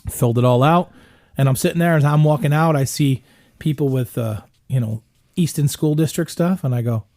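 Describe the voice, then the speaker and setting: A man's voice: fairly high pitch, brisk, darkish tone. A middle-aged man telling a long, rambling story in casual chat, swearing often. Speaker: podcast guest.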